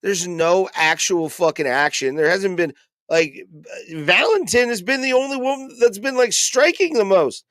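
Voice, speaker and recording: Slow-talking man ranting over a fight stream. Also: high-pitched, animated, fairly bright tone, dry recording. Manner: frustrated, profane ranting with many fillers. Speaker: livestream host reacting to fights. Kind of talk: casual live reaction commentary.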